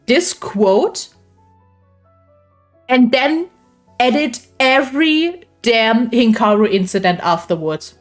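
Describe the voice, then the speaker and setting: Woman host teasing her guest, kinda high voice, faint music in the back. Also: takes it slowly, long pauses. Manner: teasing, laughing, casual swearing. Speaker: stream host. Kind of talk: casual chat.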